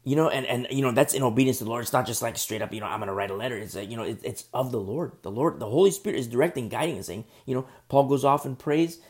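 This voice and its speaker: A man preaching a sermon, retelling scripture as a lively, conversational story with asides to his listeners. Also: mid-range voice, fast talker, few pauses.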